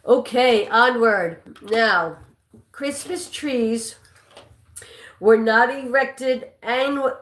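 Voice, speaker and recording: Drawing out her words in a somewhat high, slightly bright voice, a woman runs a trivia game on a live stream. Between chatting with her audience she reads out questions, sometimes tripping up and restarting. There's an echo in the room.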